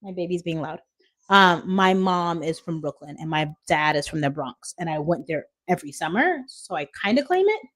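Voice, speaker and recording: A woman's voice: on the low side, animated, moderate pace. A woman in her thirties from Washington State, chatting on a live stream from her phone at home, reading out viewer comments and laughing often. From Washington State, USA. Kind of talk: casual live-stream chat.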